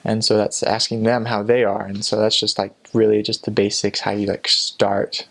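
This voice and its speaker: A man's voice: on the low side, normal speed, creaky. A young man, a returned missionary, casually telling amused stories with lots of fillers. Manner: relaxed, amused, chatty with frequent fillers. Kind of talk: casual storytelling.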